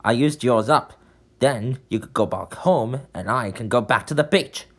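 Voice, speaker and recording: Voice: mid-range voice, moderate pace, lightly acted. A performer voicing a carefree, beach-loving young male conductor in a fan redub, with a laid-back, slangy delivery.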